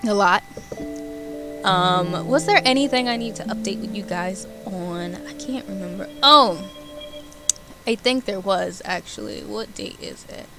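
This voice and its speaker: A woman's voice: medium pitch, measured pace, over music. Chatty giggly woman streamer. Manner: chatty, animated, giggly, rambling. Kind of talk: casual chat with stream viewers.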